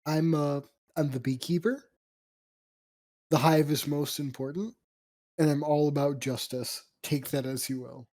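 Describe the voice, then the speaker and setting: A man's voice: fairly high pitch, steady tone, measured pace, darkish tone. A man voicing a terse, cryptic beekeeper devoted to justice.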